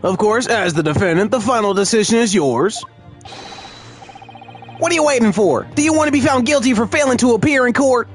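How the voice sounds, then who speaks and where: A man's voice: extremely high pitch, animated, fairly quick, soft background music, pitched above the performer's own voice. Man doing a stern, pompous older official; formal, lecturing tone. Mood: scolding.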